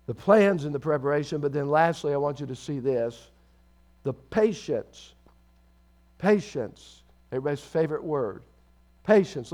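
A man preaching a sermon as pastor, swinging between loud emphatic bursts and quiet low asides, calling for responses from the congregation.

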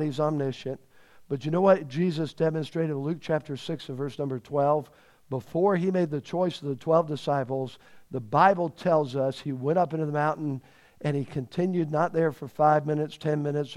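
A man preaching a sermon, emphatic, repeating key words for stress and swinging between loud and hushed delivery. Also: on the high side.

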